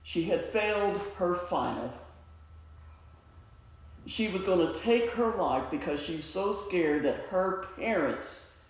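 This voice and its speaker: A man's voice: sits high, animated. A middle-aged man giving an earnest, heartfelt personal testimony at a suicide awareness event. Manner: earnest, slow, heartfelt storytelling. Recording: echoey hall, mic far off.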